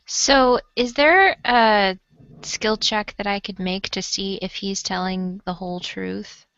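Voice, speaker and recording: Bright-voiced woman tabletop player. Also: mid-range voice, slow pace, clear, resonant tone, no room sound, dull audio.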